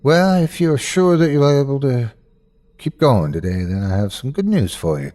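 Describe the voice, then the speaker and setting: A man's voice: mid-range voice, big pitch swings, moderate pace, dark tone, pitched above the performer's own voice, close to an everyday voice. A man doing a soothing Southern lady scientist. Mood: reassuring. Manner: soothing, motherly. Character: kind middle-aged female scientist boss.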